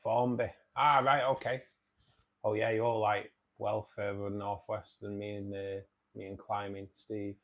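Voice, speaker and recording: Speaking at a measured pace with little pitch movement, this man in his forties has a lowish voice and a Manchester accent. He's from the outskirts of Manchester and hosts a casual livestream, chatting like a mate and answering comments his viewers post.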